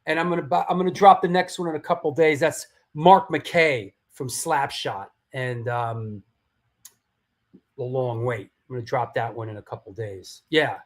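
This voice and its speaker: A man's voice: mid-range voice, normal speed. A man hosting a live hardcore music stream, chatting casually, rambling and swearing. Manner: rambling, swearing, restarts and storytelling asides.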